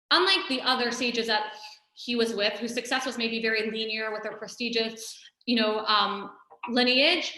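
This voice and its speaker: A woman's voice: a little high, bright, forceful tone. A woman teaching a religious lesson in a conversational, storytelling way, often saying "you know". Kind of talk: recorded Torah lesson. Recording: echoey room.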